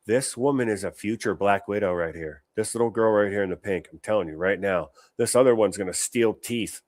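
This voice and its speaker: Give me a brash, mocking male livestream host with a lowish voice on a dry close mic. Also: brisk, a little mellow, no room sound. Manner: brash, mocking, swears freely. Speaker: show host. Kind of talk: political commentary livestream.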